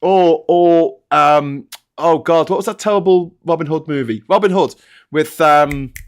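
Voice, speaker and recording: A man chatting on a panel, excitable, laughing and swearing often. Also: on the high side, unhurried, clear, resonant tone. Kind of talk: casual panel chat.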